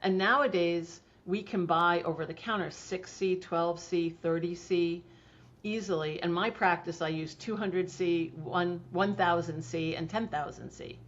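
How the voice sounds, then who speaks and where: A woman's voice: on the low side, unhurried. Chatty woman telling stories, dull recording. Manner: chatty storytelling, laughs often, frequent fillers. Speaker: homeopathy practitioner, guest. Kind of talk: casual interview talk. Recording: dull lo-fi sound.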